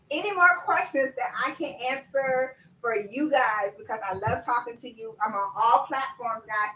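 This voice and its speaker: A woman coaching viewers in a lively live-stream chat, talking to them directly and laughing often. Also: sits high, roomy sound, recorded from a distance, slight background noise, low-quality recording. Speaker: business coach.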